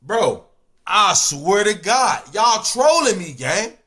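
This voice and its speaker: High, bright-voiced young man riffing loudly. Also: slow pace. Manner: loud, animated, profane slang-heavy riffing. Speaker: video reaction host. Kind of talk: casual reaction commentary.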